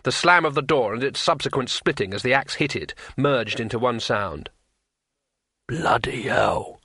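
A man reading a fantasy audiobook in a measured, unhurried way. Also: mid-range voice, animated, sharp tone, dry recording, studio quality. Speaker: narrator.

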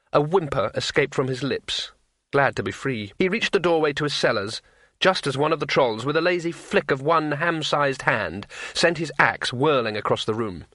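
A man reading a fantasy audiobook in a measured, unhurried way. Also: medium pitch, a bit bright, no echo, studio quality. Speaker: narrator.

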